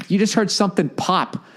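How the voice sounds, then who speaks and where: A middle-aged man with a Boston accent hosting a podcast, telling a comedic story with swearing and acting out other people. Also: fairly quick. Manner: profane, animated, acts out quoted people in higher voices. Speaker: podcast host.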